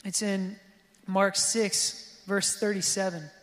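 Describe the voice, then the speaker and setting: A man preaching a sermon with lively energy, often asking the congregation if they are with him. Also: high voice, takes it slowly, long reverb tail. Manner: lively preaching, asks the crowd for response. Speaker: pastor.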